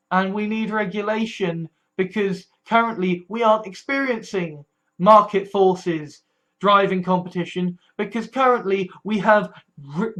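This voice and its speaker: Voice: medium pitch, a bit bright. A vlogger talking anxiously about the future, swearing often and restarting phrases, scared and distressed. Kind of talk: personal political vlog.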